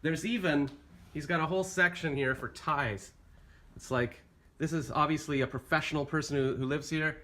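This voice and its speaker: A man's voice: fairly high pitch, steady tone, normal speed, bright, forceful tone. A man with a joking, self-mocking manner, hosting a casual walkthrough of a condo unit indoors. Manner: playful, self-mocking, exclamatory. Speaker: host touring a condo.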